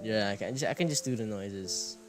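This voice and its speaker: Speaking at a moderate pace in a voice on the low side, a male streamer and animator chats loosely while drawing. He rambles, makes fun of himself, and swears and laughs a lot, with gentle music in the background.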